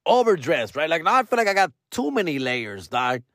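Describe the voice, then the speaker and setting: Slangy, profane comedian from Los Angeles. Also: male voice, fairly quick, dry recording, studio quality. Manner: profane and slangy, drops Spanish words; lively swings in pitch and loudness. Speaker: stand-up comedian, podcast host. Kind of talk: casual comic storytelling.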